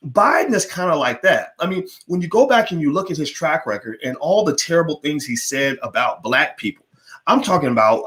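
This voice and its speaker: A man's voice: on the high side, animated, a little fast, fairly bright tone. Emphatic man preaching his political views. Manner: emphatic, preachy, repeats words, addresses listeners directly. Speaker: political commentator. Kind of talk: opinionated monologue.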